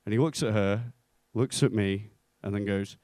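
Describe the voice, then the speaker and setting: A young man from North West England does stand-up in a club, landing deadpan punchlines and doing the voices of people from his stories. His pitch is fairly low, his speed normal, and there's no echo.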